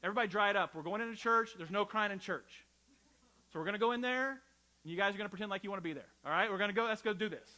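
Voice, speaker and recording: A stern, no-nonsense father, as a preacher acts him out, snapping at his kids in a raised, clipped voice. He sits noticeably higher and much louder than the speaker's own delivery and drives each command home. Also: rapid-fire. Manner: loud, barking orders. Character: stern father hurrying crying kids into church.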